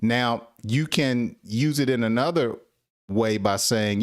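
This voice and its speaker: A man teaching an English lesson on a live stream. He laughs often and acts out example dialogues in a slightly higher voice. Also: takes it slowly, dry recording, studio quality.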